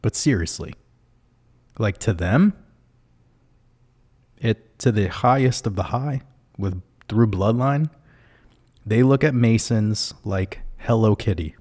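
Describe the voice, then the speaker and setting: A man's voice: on the low side, takes it slowly, pauses often, a little mellow. A man hosting a casual livestream, reading out viewer comments in a loose, profane way and laughing often. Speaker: livestream host.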